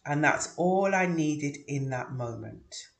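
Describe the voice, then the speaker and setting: A middle-aged man speaking in a reflective personal monologue, earnest and measured, with frequent pauses. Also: on the high side, animated, gravelly. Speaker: vlogger sharing personal story. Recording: echoey room.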